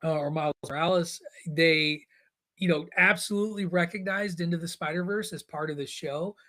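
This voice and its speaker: A man with a high voice co-hosts a casual pop-culture show. He talks in an emphatic, animated way and keeps cracking jokes as he goes. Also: normal speed. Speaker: podcast co-host.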